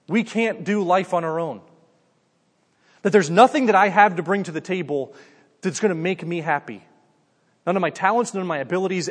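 A man with a high voice delivers a sermon in an easygoing way, addressing listeners as "guys" and peppering his talk with "like". His voice rings out with a long reverb, as in a large hall. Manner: conversational preaching, addresses listeners as "guys", often says "like". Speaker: pastor.

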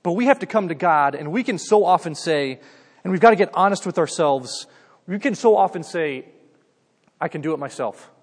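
A man with a high voice delivers a sermon in an easygoing way, addressing listeners as "guys" and peppering his talk with "like". His voice rings out with a long reverb, as in a large hall. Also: animated, a little fast. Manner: conversational preaching, addresses listeners as "guys", often says "like". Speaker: pastor.

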